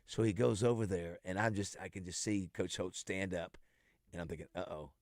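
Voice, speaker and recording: A man co-hosting a morning radio show, telling stories with repeated words and trailing off quietly. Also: low voice, steady tone, brisk, no room sound, studio quality. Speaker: radio co-host. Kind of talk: casual radio chat. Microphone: studio mic.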